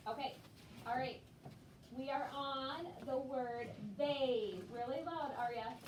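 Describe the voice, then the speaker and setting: A woman's voice: high voice, slow pace. A woman teacher leading a class read-aloud, patiently prompting children word by word in a classroom. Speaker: elementary school teacher. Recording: echoey room, distant mic, background noise.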